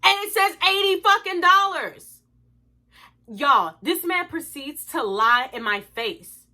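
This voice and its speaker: A woman's voice: high-pitched, expressive, takes it slowly, pushed and bright. A young woman telling a storytime to her viewers, blunt, profane and indignant as she rants. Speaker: vlogger. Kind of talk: storytime rant.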